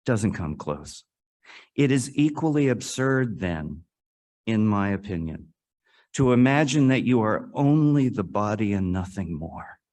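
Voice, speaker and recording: A man giving a sermon to a congregation, telling a story earnestly, with dramatic rises and hushed drops. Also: fairly low pitch, big pitch swings, measured pace. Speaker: guest speaker at a congregation. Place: worship service hall.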